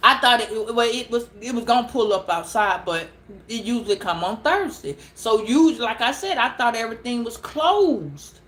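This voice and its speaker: A woman telling a story casually to camera, animated and laughing, repeating words as she goes. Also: fairly high pitch. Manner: animated, laughing, repeats words, calls listeners girl and child. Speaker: tarot reader.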